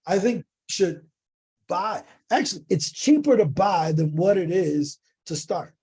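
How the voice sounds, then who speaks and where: A man from the United States, a podcast guest, telling a lively story in casual slang and acting out bits of dialogue. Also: high-pitched, unhurried, slightly rough. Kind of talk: animated storytelling in an interview.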